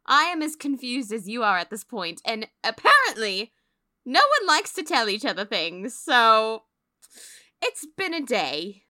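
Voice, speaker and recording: A woman voicing a blunt, weary female ship captain who makes dry, deadpan threats in a tabletop game. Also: fairly high pitch, a little slow, heavily acted. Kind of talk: in-character tabletop play.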